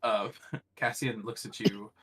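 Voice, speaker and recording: A man's voice: lowish voice, fairly even intonation, slow, fairly bright tone. A man narrating as game master of a tabletop game, hesitant with many fillers.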